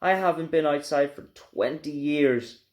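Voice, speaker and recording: A man voicing a wild, greedy old grandmother in a storybook reading, screechy and shouting with glee. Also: fairly high pitch, a little slow, lightly acted. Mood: gleeful shouting. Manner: shouting, gleeful and demanding.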